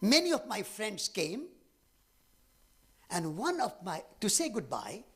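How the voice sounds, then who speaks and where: Man, Indian accent, husky voice, lively rising and falling pitch, earnest storytelling talk, dramatic pauses. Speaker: speaker at a public event.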